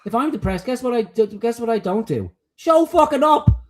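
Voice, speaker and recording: A man's voice: very high-pitched, lively intonation, normal speed. A man co-hosting a casual reaction chat, swearing, mocking and laughing often. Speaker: co-host.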